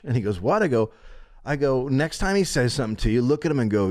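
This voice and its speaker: Middle-aged man from California, profane comic storyteller, lively swooping pitch. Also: moderate pace. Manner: profane, animated, laughs through punchlines. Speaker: podcast guest. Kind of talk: comedic storytelling.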